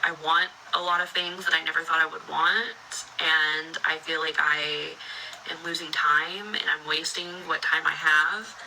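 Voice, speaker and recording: A young woman confiding about her relationship in a halting, hesitant way. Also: deep voice, level tone, pushed and bright, slight background noise, poor audio. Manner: halting, hesitant, many fillers and restarts. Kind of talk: casual confessional vlog.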